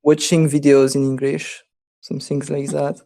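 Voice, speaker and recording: A young man answers podcast questions slowly, pausing on fillers. His tone is mellow and soft-spoken, with small laughs between thoughts. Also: fairly high pitch, little pitch movement. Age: young adult. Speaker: podcast guest. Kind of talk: casual podcast chat.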